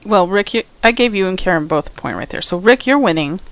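A woman hosting a listening game in casual group chat, brisk and in charge. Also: medium pitch, lively intonation, no room sound. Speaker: game host.

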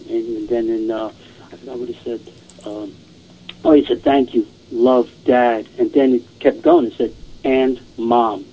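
A man's voice: mid-range voice, dull audio. A man casually telling a long ghost story, rambling and repeating "I says" and "she goes".

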